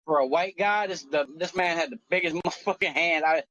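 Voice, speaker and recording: High-voiced animated man telling a crude story. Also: brisk, no room sound, dull audio. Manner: animated storytelling, profane and joking. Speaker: co-host. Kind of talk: casual chat.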